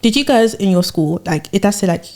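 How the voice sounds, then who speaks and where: A young woman from England, chatting casually on a podcast and telling animated stories full of slang. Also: mid-range voice, normal speed. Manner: animated storytelling with slang and laughter.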